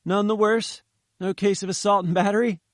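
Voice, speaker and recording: A man's voice: sits high, steady tone, normal speed, no echo, clean studio sound, voice pushed up, natural voice. A man doing a breezy young reporter. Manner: breezy and chummy. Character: cheerful young male journalist, breezy.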